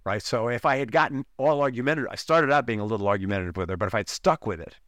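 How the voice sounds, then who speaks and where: A man talks through a podcast monologue as a relationship coach, with a middle-pitched voice. He keeps it conversational, telling his own stories and often tossing in a quick "right?" to the listener. The recording is dry and close, with no room sound. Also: fairly bright tone, no room sound.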